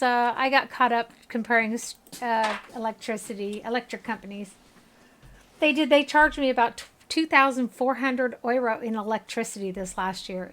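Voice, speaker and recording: A woman's voice: a little high, bright, forceful tone, slight background noise. A woman in her thirties chatting with her viewers while streaming a game, laughing often. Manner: giggly, chatty, talks to chat. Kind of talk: casual gaming livestream chat.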